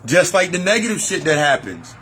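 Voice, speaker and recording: A man's voice: on the high side, big pitch swings, brisk, fairly bright tone, a little hiss or hum. A man giving a casual, profane spiritual talk in loose run-on sentences, repeating phrases for emphasis. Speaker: spiritual reader and life coach. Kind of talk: freewheeling spiritual monologue.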